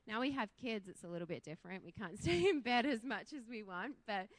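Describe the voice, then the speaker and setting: A woman's voice: medium pitch, expressive, a little fast, dry recording. A woman in her thirties from Australia with an Australian accent, preaching a casual, chatty sermon in a church, laughing often and poking fun at herself.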